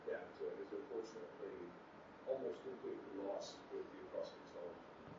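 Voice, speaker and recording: A low-voiced man speaks up from the audience of a class, hesitant and halting. He is far from the mic in a very echoey room, the sound muffled with clear background noise. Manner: hesitant, with fillers. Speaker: class member asking. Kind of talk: comment from the audience.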